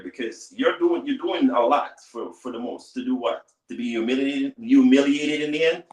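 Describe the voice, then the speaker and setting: A man's voice: a little high, normal speed, few pauses, roomy sound, low-quality recording. A man on a podcast panel on a heated, scolding rant, stumbling over words and repeating himself. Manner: preachy, scolding, repeats words when stuck.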